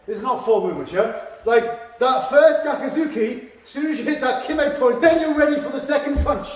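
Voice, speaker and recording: A man's voice: very high-pitched, expressive, moderate pace, roomy sound. A man, a karate instructor, teaching an online seminar over a video call, encouraging and checking understanding with frequent "yeah?".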